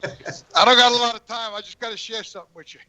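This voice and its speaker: A man's voice: very high voice, fairly even intonation, fast, sharp tone. A man telling a crude comic story outdoors, profane and stammering over his words. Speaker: guest calling in. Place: outdoors on a work job.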